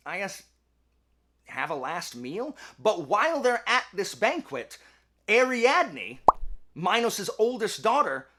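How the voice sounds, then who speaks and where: A man's voice: sits high, pushed and bright. A man retelling a myth in a chatty, jokey way, with lots of fillers. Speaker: host and storyteller.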